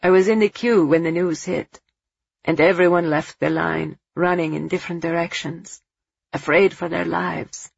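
A woman voicing a desperate, relieved father in a storybook reading, soft-spoken and tearful. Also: fairly low pitch, fairly even intonation, moderate pace, gravelly, husky, dry recording, lo-fi sound. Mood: sad.

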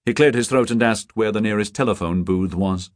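A man narrating a novel as an audiobook, measured and expressive. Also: fairly low pitch, no room sound, studio quality. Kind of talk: scripted narration.

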